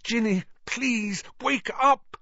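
A man's voice: high-pitched, wildly swooping pitch, moderate pace, no room sound, muffled recording, pitched above the performer's own voice, full character voice. A man reading aloud, voicing a desperate twelve-year-old schoolboy wizard who pleads urgently. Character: frantic young schoolboy wizard, boy of twelve.

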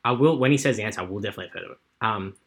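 A man with a husky, slightly raspy voice, answering quiz questions among friends. He jokes, thinks aloud and lets his words drop off to a mutter as he searches for answers. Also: fairly low pitch, racing. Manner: joking, thinks aloud, trails off quietly. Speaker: quiz contestant. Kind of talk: casual chat.

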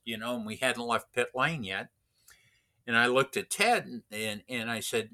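A man's voice: medium pitch, moderate pace, pushed and bright. A man casually telling a racing story, rambling with many restarts and fillers. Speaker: racing driver instructor.

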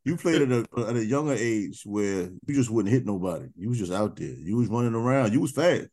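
Fast, lively podcast dad. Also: male voice, fairly low pitch. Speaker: podcast host, guest's father. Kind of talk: casual podcast chat.

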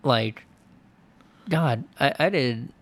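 Podcast guy, average pitch, rambly and sweary, keeps restarting sentences. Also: drawn-out words. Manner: loose and profane, many restarts. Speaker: podcast co-host. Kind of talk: casual podcast chat reviewing a film.

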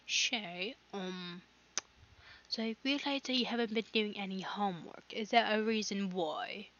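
Slow, rambling teen girl podcaster. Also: on the low side, bright, forceful tone, lo-fi sound, a little hiss or hum. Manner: rambling, filler-heavy, self-interrupting. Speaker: podcast host. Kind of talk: casual solo podcast chat.

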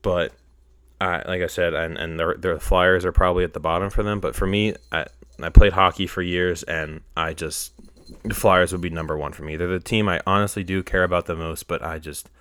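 A young man hosting a solo podcast, rambling in casual chat and getting heated, sometimes close to yelling. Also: deep voice, steady tone, a little fast, clear, resonant tone, no echo. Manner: rambling, heated, rises to near-yelling when retelling anger. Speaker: podcast host.

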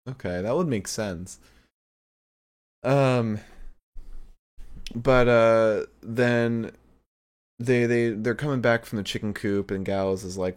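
A man's voice: mid-range voice, slow, pauses often. A man co-hosting a podcast, recapping a show in rambling casual chat with lots of fillers and laughs. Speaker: podcast co-host.

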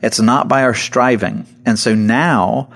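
A man's voice: medium pitch, a little slow, creaky. A man co-hosting a Christian podcast, talking earnestly about scripture and laughing now and then. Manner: earnest, laughs often, animated quotes. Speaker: podcast co-host. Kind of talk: casual devotional podcast talk.

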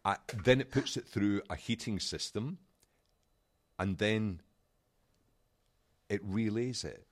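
A man's voice: on the low side, takes it slowly, no echo. A man co-hosting a podcast, telling a story in a casual chat and acting out the other people's voices. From United Kingdom. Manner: animated, acts out quoted voices. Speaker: podcast co-host. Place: small room at a desk.

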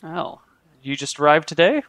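A man's voice: on the high side, sing-song, normal speed, a bit bright, no room sound, pitched above the performer's own voice. A man voicing a polite, friendly middle-aged innkeeper in a tabletop game. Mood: welcoming. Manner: polite, welcoming. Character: friendly middle-aged male tavern proprietor.

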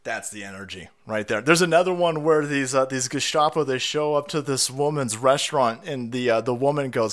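A man's voice: medium pitch, brisk, few pauses, fairly bright tone. A man hosting a livestream, ranting in a profane, fired-up, rallying way while sick with a cold. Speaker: livestream host.

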